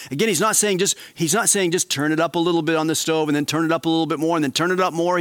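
A male pastor preaching a sermon, swinging between quiet, slow emphasis and animated, raised passages. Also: fairly high pitch, no echo.

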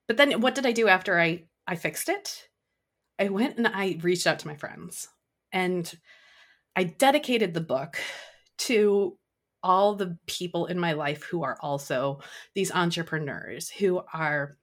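Woman host, 30s, lower pitch; candid solo podcast talk, emotional and laughing. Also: unhurried. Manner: emotional, confessional, laughs often, gets choked up.

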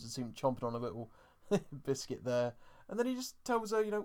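Gravelly male podcast co-host, casual and chatty. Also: medium pitch, lively intonation, brisk, darkish tone. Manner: chatty, many fillers, acts out quoted lines. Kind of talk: casual episode review chat.

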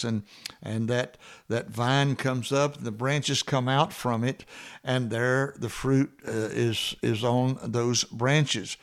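An earnest male preacher giving a conversational Bible message at a medium pitch. He speaks plainly, with fillers and restarts, then slows and builds emphasis when he repeats key verses. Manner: frequent "uh" fillers and restarts, warm conversational delivery.

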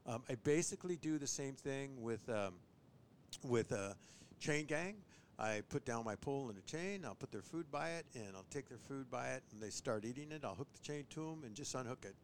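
A man who trains bird dogs, chatting on a podcast and giving tips, who often acts out owners and dogs in a higher voice. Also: normal speed, slight background noise. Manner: animated, mimics owners and dogs in a high voice. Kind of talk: casual podcast chat.

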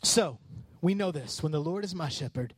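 Fiery high-voiced preacher. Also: male voice, expressive, moderate pace, breathy edge, dry recording. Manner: passionate, rising to shouts on key lines. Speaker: pastor. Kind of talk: sermon.

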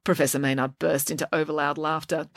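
A woman narrating a children's audiobook in a lively, expressive way. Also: deep voice, no echo, studio quality.

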